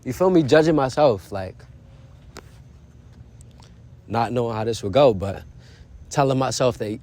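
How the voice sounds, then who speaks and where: A man's voice: medium pitch, animated, normal speed, darkish tone. A man vlogging in a casual, earnest, motivational way, with loose slang and frequent asides to the viewer. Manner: loose slangy delivery, says "bro" and "you feel me" often; earnest, encouraging. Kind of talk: casual motivational self-talk.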